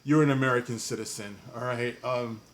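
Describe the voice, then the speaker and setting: A man's voice: mid-range voice, fairly even intonation, a little fast. A man giving a casual commentary rant, rambling and repeating "you know what I mean". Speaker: commentary vlogger.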